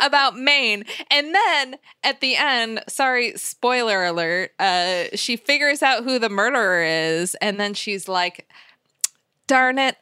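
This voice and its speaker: A woman co-hosting a podcast in casual chat, chatty and quick to laugh, with animated asides. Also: fairly high pitch, smooth, no room sound, clean studio sound. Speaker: podcast co-host.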